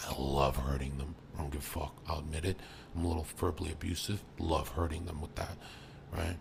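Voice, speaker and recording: A young man streaming live, boastful and profane, jumping between loud bursts and low mutters. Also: level tone, brisk, creaky, noisy background. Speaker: livestreamer.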